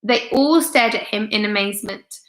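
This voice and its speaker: A woman teacher reading a children's book aloud on a livestream, expressive and clear. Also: medium pitch, normal speed, reverberant, low-quality recording. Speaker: primary school teacher.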